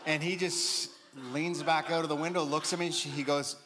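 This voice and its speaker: A man's voice: on the high side, level tone, a little fast, few pauses, very noisy. A middle-aged man giving a sermon, telling a family story with chuckles and call-outs to the congregation.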